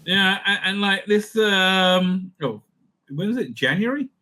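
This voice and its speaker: A man hosts political commentary in a bright, fairly high voice. He stumbles through fillers and restarts, and his tone turns sarcastic and indignant as he reacts to each clip. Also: expressive. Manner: halting, full of fillers and restarts. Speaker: host.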